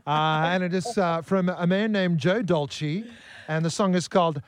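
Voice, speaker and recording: An Australian man hosts a breakfast radio show from the studio. His voice sits a little high, and he teases callers in loose, jokey banter, laughing along as he goes. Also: unhurried, clear, resonant tone. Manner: jokey, laughs often, teasing.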